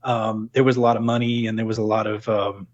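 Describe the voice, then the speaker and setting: A man's voice: lowish voice, little pitch movement, fairly quick. Reflective middle-aged man, dull sound. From New England. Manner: reflective, full of restarts and "you know". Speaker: podcast guest. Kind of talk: casual interview talk.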